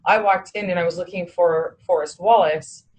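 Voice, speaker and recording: A woman's voice: on the low side, fairly even intonation, normal speed, darkish tone, slight background noise, low-quality recording. A woman recounting a personal story, acting out the dialogue of others and cursing when heated.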